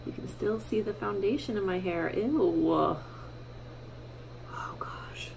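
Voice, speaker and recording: A woman's voice: medium pitch, moderate pace, vocal fry, darkish tone, a little hiss or hum, poor audio. A young woman chatting casually through a makeup tutorial at home in her bathroom, full of fillers and self-mocking asides. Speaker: beauty vlogger.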